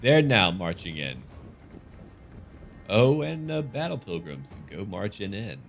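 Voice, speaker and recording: A man's voice: fairly low pitch, big pitch swings, takes it slowly, vocal fry, slight background noise. Goofy man joking over a game. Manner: goofy, jokey, slips into silly voices. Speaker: gaming YouTuber. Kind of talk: casual gameplay commentary.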